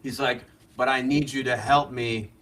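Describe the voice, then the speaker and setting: A man's voice: medium pitch, steady tone, moderate pace, fairly bright tone. Rambling man telling a story. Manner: rambling, laughing, many fillers. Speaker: guest on a live show. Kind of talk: casual storytelling. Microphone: wearing a mask.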